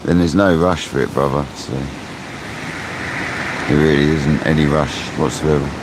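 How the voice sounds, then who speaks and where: A man's voice: a bass voice, fairly even intonation, normal speed. A man fishing on a live stream, chatting casually with viewers in a laid-back way, laughing often and calling people mate. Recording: outdoor mic with loud surf noise. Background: ocean waves.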